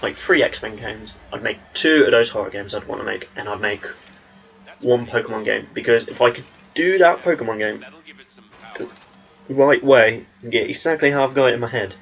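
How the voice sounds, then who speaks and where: A man's voice: mid-range voice, moderate pace, creaky, pauses often, fairly bright tone, husky, faint music behind, low-quality recording. A young man with an English accent, talking in a rambling, chatty way as he commentates on his gameplay. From England. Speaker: gaming channel host.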